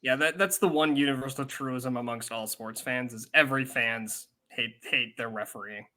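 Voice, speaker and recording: A man's voice: mid-range voice, moderate pace, bright, forceful tone. A man co-hosting a casual hockey podcast, riffing with incredulous jokes and rhetorical questions. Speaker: podcast co-host. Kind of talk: casual sports chat.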